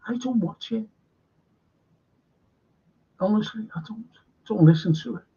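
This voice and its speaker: A man's voice: a little high, a little mellow, slightly rough, muffled recording. A man hosting a live fan stream, chatting casually in a rambling way and reading viewer comments aloud. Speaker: fan channel host.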